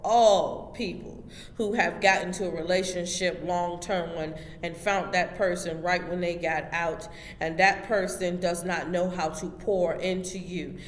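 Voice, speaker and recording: In a spacious hall with long reverb and a faint hum underneath, a woman host with a lowish voice delivers a motivational spiritual talk. She speaks straight to her audience, driving home every point with a preacher's emphatic force.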